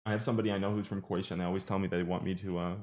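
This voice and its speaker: With a deep, darkish voice and a flat delivery, an Irish man rattles through live chart commentary at a very fast clip. He's a trading streamer whose chatter wanders and often turns into jokes at his own expense.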